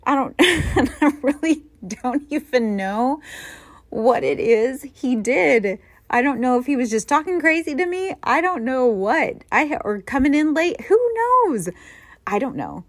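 A woman's voice: sits high, big pitch swings, unhurried, dry recording, clean studio sound. Middle-aged woman telling a rambling story. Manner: rambling, self-mocking storytelling with frequent laughs. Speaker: podcast host. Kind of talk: casual chat.

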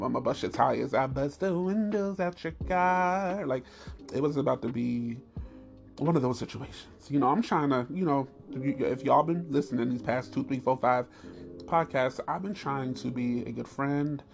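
A man hosting a podcast, telling a story in a candid, animated and profane way. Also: vocal fry. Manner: animated, profane storytelling with high squeals and laughs. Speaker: podcast host.

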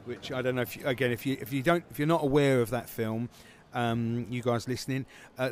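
A man's voice: mid-range voice, fairly even intonation, fairly quick, hardly any pauses. Rambling man, faint background hiss. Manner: rambling, many fillers and restarts. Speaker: film festival founder. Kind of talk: casual interview answers.

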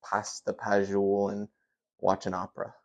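A man's voice: lowish voice, monotone, moderate pace, highs cut off. A man co-hosting a podcast, joking and swearing in casual chat. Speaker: podcast co-host.

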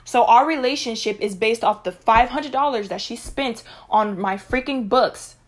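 A young woman with a fairly high voice vents on her vlog. She tells a personal story in an animated, emphatic way, pressing hard on her words. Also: moderate pace. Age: young adult. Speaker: vlogger.

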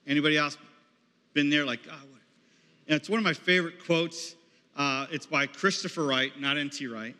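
A man's voice: a little high, a little fast, pushed and bright. A man leading a campus ministry, preaching in a conversational way and calling on people in the audience. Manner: conversational, calls on audience members. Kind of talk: sermon. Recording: echoey hall.

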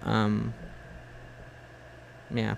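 A man in his twenties in casual chat about films, halting and blunt, with lots of fillers. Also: lowish voice, monotone, vocal fry, a little hiss or hum, low-quality recording. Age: 20s. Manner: halting, full of "like" and "uh", blunt opinions. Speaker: film fan in conversation.

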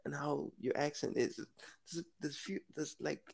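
A man's voice: fairly high pitch, steady tone, unhurried, gravelly, husky. A man with a South African accent co-hosting a podcast, rambling in casual chat and laughing often. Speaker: podcast co-host.

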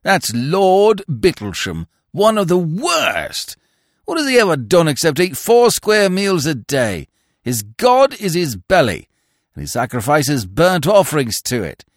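A scornful soapbox orator, played by a man, hurling loud, declaiming abuse at passers-by. The voice leaps up and down with wide swings. It is close and dry. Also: a little high, huge pitch swings, a little slow, no echo, heavily acted. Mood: ranting. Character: ranting bearded street orator, a young man in disguise.

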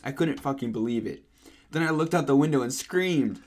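A young man co-hosting a podcast, reading fan fiction aloud in a deadpan way. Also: mid-range voice, fairly quick. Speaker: podcast co-host.

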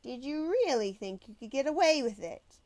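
A woman's voice: high voice, very animated, normal speed, a little mellow, voice pushed up. A woman voicing a stern, menacing female schoolteacher who speaks in clipped, cold commands in a storybook reading.

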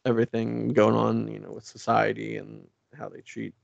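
A man's voice: lowish voice, completely flat delivery, moderate pace, vocal fry, dry recording, dull audio. A man co-hosting a casual podcast chat, recapping a comic and reading its dialogue aloud with many fillers. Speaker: podcast co-host.

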